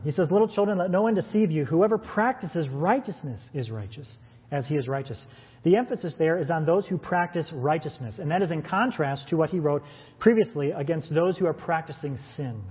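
Earnest preacher in a reverberant hall. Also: male voice, on the high side. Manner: earnest, conversational preaching with rhetorical questions. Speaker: pastor. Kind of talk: sermon. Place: church with stream audience. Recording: phone-like sound with long hall reverb.

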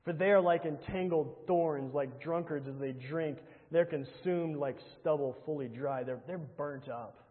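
A man preaching a sermon, earnestly reading scripture aloud and pressing his point with rhetorical questions and repetition, often dropping to a low hush. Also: unhurried, few pauses. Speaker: pastor. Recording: tinny phone-like sound with long hall reverb.

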